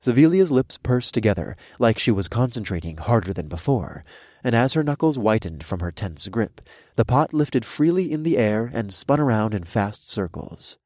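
Lively low-voiced male narrator. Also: moderate pace, dry recording, clean studio sound. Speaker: audiobook narrator. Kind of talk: scripted first-person fantasy narration.

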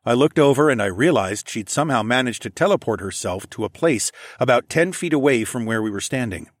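A man's voice: mid-range voice, expressive, brisk, no echo, studio quality. A man narrating a fantasy story in first person, reading steadily. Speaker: audiobook narrator.

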